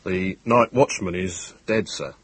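A man voicing a big, unhurried police superintendent. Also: sits low, fairly bright tone, slightly rough, no echo, full character voice. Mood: understated. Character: big, wise, good-humoured male police superintendent.

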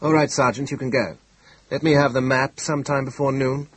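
A man's voice: medium pitch, steady tone, a little fast, slightly rough, no room sound, pitched above the performer's own voice, lightly acted, low-quality recording. A man reading an audiobook, voicing an irritable older police commissioner with a military background who speaks brusquely and impatiently.

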